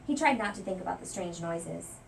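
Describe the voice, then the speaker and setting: A young woman teacher reading a children's picture book aloud, dramatic and hushed at tense moments. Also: fairly low pitch, fairly quick, gravelly, slight background noise. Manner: expressive, dramatic storyteller, hushed at suspense. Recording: voice from a distance from the mic.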